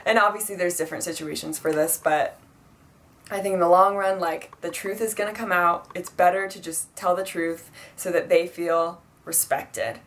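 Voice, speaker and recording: A woman's voice: fairly low pitch, steady tone, moderate pace, a little hiss or hum. A twenty-year-old woman giving casual life advice in a chatty vlog, full of fillers and acted-out quotes. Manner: chatty, filler-heavy, acts out quoted dialogue. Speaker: vlogger.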